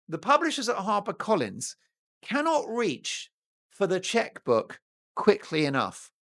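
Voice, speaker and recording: A man hosting his own talk show, talking straight to his viewers in a jokey, animated monologue. His pitch swings widely as he riffs, teases and drifts into playful asides. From United Kingdom. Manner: playful, jokey, breaks into mock Italian and snatches of song.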